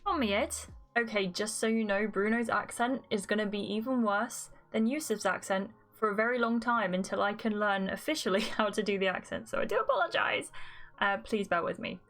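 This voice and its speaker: A woman's voice: mid-range voice, brisk, fairly bright tone, faint music behind. Chatty woman gaming. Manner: chatty, giggly, self-mocking. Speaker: gaming YouTuber. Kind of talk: casual gameplay commentary.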